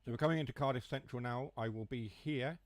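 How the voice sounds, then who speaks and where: A young man's medium-pitched voice moves fast as he streams a train game, rambling through joking asides and dropping his H's and T's. His accent is from Huthwaite, Nottinghamshire, near Mansfield, England. The casual gaming chat is recorded without echo.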